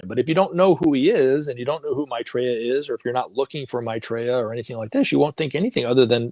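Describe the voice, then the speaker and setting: His pitch is medium but swoops wildly, and he talks a little fast with a slightly mellow tone, recorded cleanly in a studio without echo. A middle-aged talk show guest, he tells a personal story in a rambling way, restarting often and acting out what people said.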